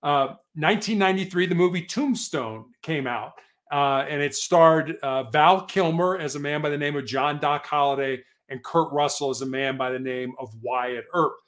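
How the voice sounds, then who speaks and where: A man, a guest on an interview show, tells a heartfelt story with an earnest, motivating drive. His voice sits a little higher than most men's. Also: normal speed, a bit bright. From Colorado, USA.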